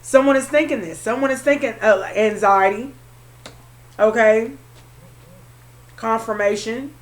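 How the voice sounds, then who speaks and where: Speaking at a measured pace in a higher register, a woman gives a tarot reading to her viewers. She calls the listener honey and tends to repeat her phrases.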